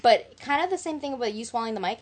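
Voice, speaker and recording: A woman's voice: fairly high pitch, expressive, rapid-fire. A woman talking earnestly about religion and ritual in a casual podcast chat among friends. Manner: earnest, thoughtful, drinking with friends.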